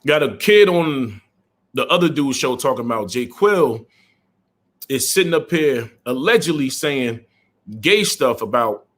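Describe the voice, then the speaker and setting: Blunt middle-aged trucker ranting live. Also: male voice, medium pitch, expressive, a little slow, a bit bright. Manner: blunt, repetitive, greets viewers mid-rant. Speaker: live stream host, truck driver. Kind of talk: live-stream rant.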